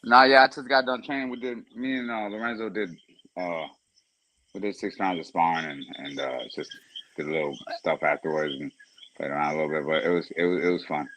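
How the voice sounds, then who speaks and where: A man's voice: low voice, fairly even intonation, brisk, a bit bright, rough recording. A man from Puerto Rico, a guest fighter talking easily and hyping things up while sitting outside his house. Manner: easygoing, hypes things up. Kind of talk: casual interview.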